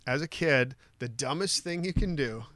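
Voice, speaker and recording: A man's voice: mid-range voice, lively intonation, moderate pace, a bit bright. A man appearing as a guest on a sports talk show, giving opinions in a casual, filler-laden way. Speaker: guest, comedian and former player.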